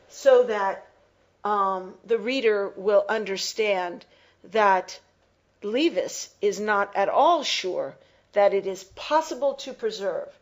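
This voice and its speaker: A woman teacher reading a text aloud and explaining it slowly, pausing to reread phrases for emphasis. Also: medium pitch, low-quality recording. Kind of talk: slow close-reading lesson.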